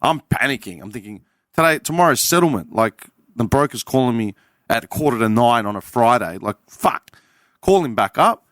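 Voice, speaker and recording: An Australian man tells a story in a casual chat and acts out the lines of everyone in it, his pitch rising and falling a lot. The mic is close and dry. His pitch sits in the middle. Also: moderate pace, dry recording. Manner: animated storyteller acting out quoted dialogue. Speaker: podcast panelist.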